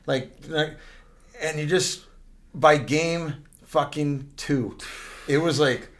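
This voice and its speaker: A man's voice: a little high, steady tone, measured pace, gravelly, fairly bright tone. A man telling old hockey stories in casual chat, loose and full of swearing and laughter. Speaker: podcast host, former hockey player.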